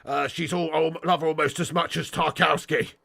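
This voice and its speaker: A man doing an impression of a gruff middle-aged male football manager in a raspy, slow, deadpan voice. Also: on the high side, heavily acted.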